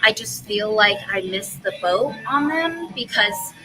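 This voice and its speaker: A young woman comedian chatting casually as a podcast guest, animated and quick to laugh, swearing freely. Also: medium pitch, over music, low-quality recording.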